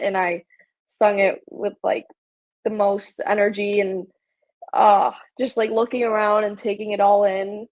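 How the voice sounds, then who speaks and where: Young woman guest, mid pitch, excitable and filler-heavy, slightly muffled audio. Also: moderate pace. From Chicago, USA. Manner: excitable, lots of fillers and restarts. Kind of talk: casual interview chat.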